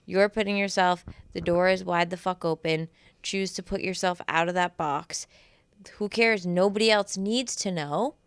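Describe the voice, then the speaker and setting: A woman's voice: on the low side, normal speed, smooth, no room sound. A woman co-hosting a casual podcast chat, speaking emphatically and repeating her points, swearing freely and sounding tired. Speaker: podcast co-host and healing-session facilitator.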